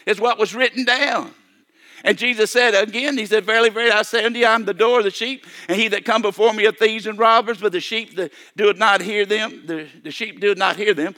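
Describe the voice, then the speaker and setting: An older man delivers a sermon in a high, bright voice. He repeats himself, restarts phrases and keeps calling for amens. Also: fairly even intonation, fairly quick. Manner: repetitive, stammering restarts, calls for amen. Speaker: preacher.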